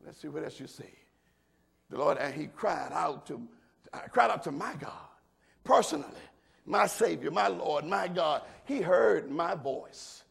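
An older man preaching a sermon, swinging from low murmurs to shouted preaching and throwing questions to the congregation. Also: lively intonation, unhurried, gravelly, husky. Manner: call-and-response asides to the congregation. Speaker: pastor.

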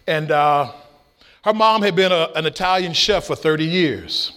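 A middle-aged man preaching a sermon, with shouted peaks and folksy stories. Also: a little high, animated, normal speed, clean tone. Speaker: pastor.

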